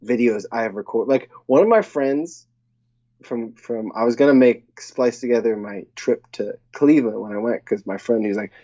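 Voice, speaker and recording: A man's voice: mid-range voice, moderate pace, warm tone. A man chatting casually as a podcast co-host, telling anecdotes loosely with many fillers. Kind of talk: casual chat. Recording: dull lo-fi mic.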